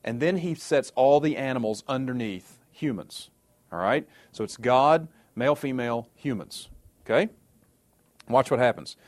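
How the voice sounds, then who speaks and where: A man's voice: mid-range voice, lively intonation, normal speed. A man teaching a sermon in a conversational way, often checking in with his listeners and adding sarcastic asides. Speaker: Bible teacher.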